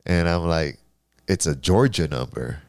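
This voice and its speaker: Man, 40s, podcast guest: very low, smooth voice, candid and loose, swears freely, restarts lines. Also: unhurried, darkish tone, no room sound, clean studio sound. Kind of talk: casual storytelling conversation.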